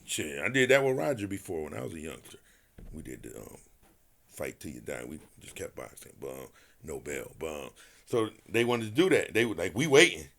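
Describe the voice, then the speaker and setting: A man's voice: rumbling low, a little fast, vocal fry. A man, a retired boxer and podcast guest, telling a story in casual, profane talk and acting out each person's lines. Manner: animated storyteller acting out quotes, profane, laughing.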